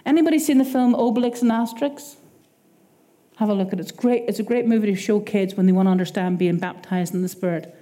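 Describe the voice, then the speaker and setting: A woman with an Irish accent preaching a sermon in a lively, conversational way, acting out little quoted exchanges. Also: medium pitch, quick pace.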